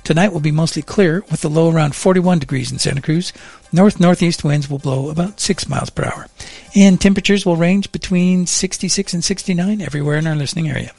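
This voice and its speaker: On morning radio, a middle-aged man with a higher-pitched, gravelly voice trades wry banter with his co-host at a brisk clip. He then settles into steady reading of the traffic and weather from a studio mic, with no echo in the sound.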